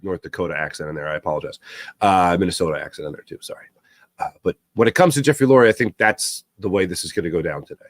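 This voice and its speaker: A man hosting a solo sports talk show, rambling and opinionated, with fillers and self-corrections, growing louder and higher as he gets worked up. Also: no room sound, clean studio sound.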